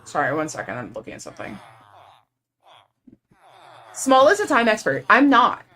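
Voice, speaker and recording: A woman's voice: mid-range voice, wildly swooping pitch, moderate pace, pushed and bright. A young woman from the United States chatting casually and playfully on a live game stream, full of "like" fillers.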